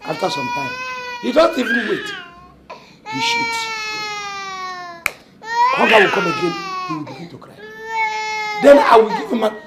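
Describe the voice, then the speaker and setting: A frazzled young babysitter, loudly exasperated. Her high voice swoops all over as she complains. The sound is roomy and echoey, with loud noise behind. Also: huge pitch swings, moderate pace, pauses often. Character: flustered young woman minding a crying baby, exasperated. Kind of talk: comic film acting. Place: indoor room.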